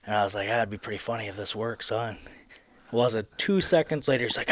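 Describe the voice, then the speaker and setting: A man's voice: medium pitch, fairly quick, no room sound. Midwestern male podcast host, rambling casual storyteller, dry close sound. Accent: Midwestern American. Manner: rambling, animated retelling with many restarts.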